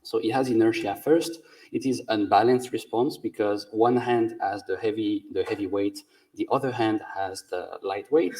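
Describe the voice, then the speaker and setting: Male presenter, methodical and hesitant, slightly low voice, distant mic. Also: darkish tone. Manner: methodical, explaining step by step with many "uh"s. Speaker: conference speaker, sound designer. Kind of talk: conference talk.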